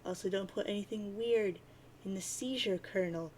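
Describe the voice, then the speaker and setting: A woman plays a cocky, sarcastic teenage boy from a webcomic reading, rambling through crude, deadpan rants. The voice sits in a middle register with a faint hiss of noise behind it. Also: mid-range voice, normal speed, lightly acted.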